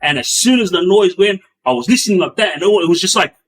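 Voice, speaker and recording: A man telling a story in a loose, rambling way, with many fillers and restarts, acting out the action with bangs and booms. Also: quick pace. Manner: animated, acts out sounds with bangs and booms. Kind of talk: casual spoken storytelling.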